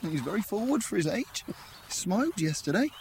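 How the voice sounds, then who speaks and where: An actor playing a young proud uncle who speaks softly near a sleeping baby. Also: male voice, high-pitched, very animated, fairly quick, gravelly, heavily acted. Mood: hushed. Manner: hushed, fond. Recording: radio drama with outdoor noise.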